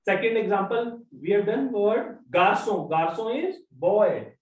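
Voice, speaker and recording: A French teacher leads a language lesson slowly, drilling examples by repeating each one along with its meaning. The expressive, mid-range voice is captured from a distance in a room with noticeable echo.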